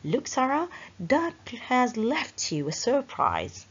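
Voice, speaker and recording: Slow, lively woman reading a storybook. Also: high-pitched, breathy edge, highs cut off. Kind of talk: storybook narration for children.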